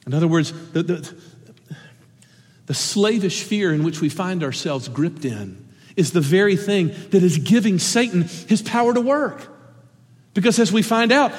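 Man preaching in a reverberant hall. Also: sits high. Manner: earnest, impassioned preaching with sudden drops to a hush. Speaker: pastor. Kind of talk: sermon. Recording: long reverb of a large hall.

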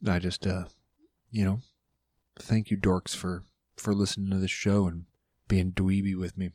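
A man's voice: deep voice, flat delivery, measured pace, darkish tone, no echo, clean studio sound. A man hosting his own podcast, rambling loosely and swearing casually, with playful asides. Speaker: podcast host. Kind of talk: casual solo podcast chat.

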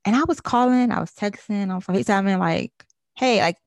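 A woman on a casual podcast, telling a story with animated acted-out quotes and frequent laughs. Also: mid-range voice, fairly quick, creaky, dry recording. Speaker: podcast co-host.

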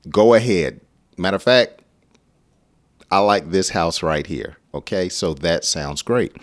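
A man with an American accent teaching an English lesson, explaining slowly and acting out short everyday dialogues. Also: low voice. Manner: slow, friendly explaining, acting out short exchanges.

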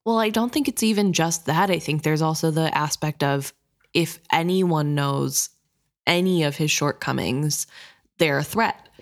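Low-voiced woman analyzing a story. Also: unhurried. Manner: thoughtful, analytical, conversational. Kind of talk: casual book discussion.

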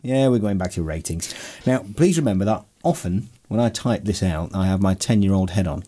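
A man hosts a film podcast in a loose, joking way, often poking fun at himself. His pitch swings widely as he talks, and his voice has a slightly husky edge. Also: fairly quick. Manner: self-mocking, jokey, animated. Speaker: podcast host. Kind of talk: casual chat.

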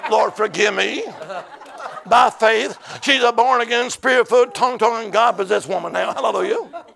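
A man preaching as an evangelist in a church, shouting in rhythmic bursts and breaking into tongues. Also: extremely high pitch, moderate pace, creaky. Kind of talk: sermon. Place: church with a keyboard player.

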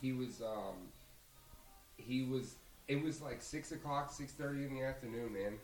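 A man's voice: medium pitch, normal speed, faint music behind, rough recording. A man from Argentina, a bartender guest on a podcast, telling a story in a loose, rambling way, full of fillers and swearing. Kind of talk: casual storytelling.

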